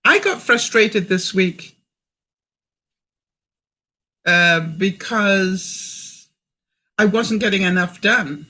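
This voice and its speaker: A woman's voice: medium pitch, animated, extremely slow, long pauses, bright, forceful tone. An older woman from Canada chatting in a livestream, reading viewer comments and coaching her audience with questions. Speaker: vlogger.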